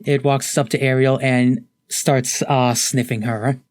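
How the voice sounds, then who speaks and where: A man narrating as game master of a tabletop game, relaxed and storytelling, slipping lightly into the gods' lines. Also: medium pitch, unhurried, dry recording, studio quality.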